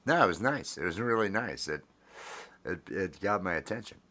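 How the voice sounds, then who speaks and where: A man with a very low, deep voice hosting a laid-back morning chat. He rambles affectionately, circling back through fillers and restarts as he talks things over. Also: lively intonation, moderate pace, pushed and bright. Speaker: host. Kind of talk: casual chat.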